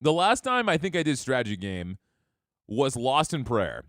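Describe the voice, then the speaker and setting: A man's voice: mid-range voice, wildly swooping pitch, moderate pace, a bit bright, no room sound, clean studio sound. A young man streaming a game live, chatting upbeat and casually with his viewers while he plays. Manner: upbeat, chatty, talks to chat. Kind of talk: live gameplay commentary.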